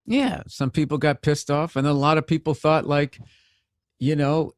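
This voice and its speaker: A man being interviewed, answering in a measured, reasonable, conversational way. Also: fairly high pitch, flat delivery, no room sound, clean studio sound. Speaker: interview guest.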